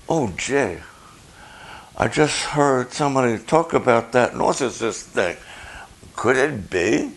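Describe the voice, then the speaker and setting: An older man preaching a sermon as a pastor, passionate and loud, firing off rhetorical questions. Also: medium pitch, animated, slow, vocal fry, long pauses.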